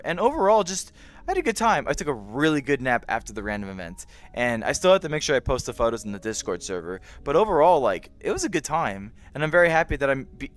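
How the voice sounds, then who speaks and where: A man's voice: very animated, fast talker. A young man casually chatting on a live stream, greeting viewers by name in a friendly, playful way. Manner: friendly, greets chat by name, playful meowing in a high squeak.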